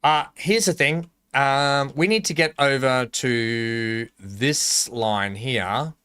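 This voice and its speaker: A man's voice: medium pitch, takes it slowly, fairly bright tone, clean tone. A young adult man with an Australian accent, chatting casually on a live game stream, rambling and joking and laughing a lot as he reads out chat.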